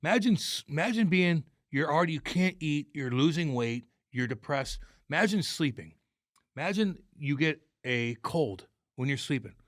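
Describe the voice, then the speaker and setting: Brief: male sports podcast co-host, animated and swearing, dry close mic. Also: a little high, moderate pace, dry recording. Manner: profane, animated storyteller. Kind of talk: casual sports chat.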